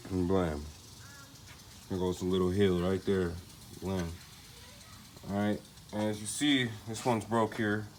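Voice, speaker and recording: A man with a low voice walks through a car repair in loose, slangy talk, thinking aloud as he works. A faint ambient noise sits behind him. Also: level tone, takes it slowly, long pauses. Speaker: DIY car repair vlogger. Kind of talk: casual how-to narration.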